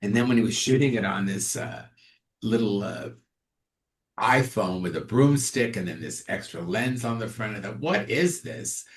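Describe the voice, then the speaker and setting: A man, an actor and comedian, chatting as an interview guest and telling animated stories in which he acts out other people's lines. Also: fairly low pitch, moderate pace. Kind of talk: casual interview storytelling.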